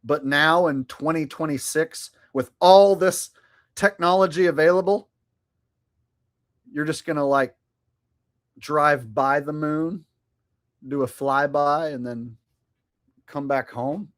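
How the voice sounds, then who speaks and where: A man's voice: a little high, slow, pauses often, fairly bright tone. A man hosting his own channel, giving profane, sarcastic commentary in a mocking, crude way with frequent laughter. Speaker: channel host.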